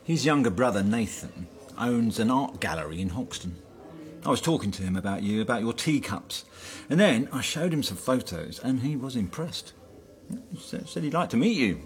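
A man's voice: mid-range voice, sing-song, moderate pace, natural voice. A man playing a jealous ex-husband who talks persistently and wheedles his former wife. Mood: pleading. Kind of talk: film drama dialogue.

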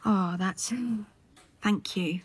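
A shy, husky young woman. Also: fairly low pitch, flat delivery, drawn-out words, full character voice. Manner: shy and hesitant. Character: shy young English woman, timid, eager.

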